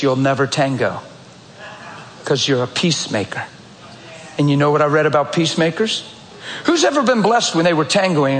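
High-voiced preacher in an echoing sanctuary. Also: male voice. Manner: animated storytelling, direct and conversational. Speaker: pastor. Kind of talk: sermon. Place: church sanctuary. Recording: echoey church hall, faint ambience.

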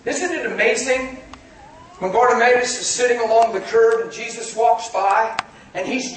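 Folksy male preacher, high voice, laughs and shouts, recorded from afar in a hall. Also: normal speed, slight background noise. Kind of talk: sermon. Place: church hall. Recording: echoey hall from far off.

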